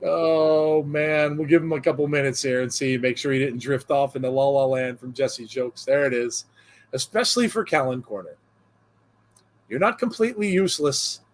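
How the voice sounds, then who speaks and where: A man co-hosting a podcast in relaxed, casual chat. He reads jokes aloud, chuckles often and rambles through fillers. His voice sits at an everyday middle pitch. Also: moderate pace, long pauses. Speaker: podcast co-host.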